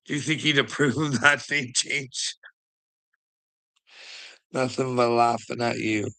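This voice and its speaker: Slow, fairly even, and medium-pitched, this man's voice has a bright, forceful tone. On a livestream, he rants profanely at his chat with mocking sarcasm, heavy swearing, and frequent laughter.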